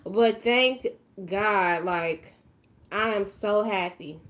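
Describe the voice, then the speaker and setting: A woman chatting casually while doing her makeup, emotional and effusive, now and then dropping to a quiet murmur as she concentrates. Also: medium pitch, extremely slow. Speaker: beauty vlogger.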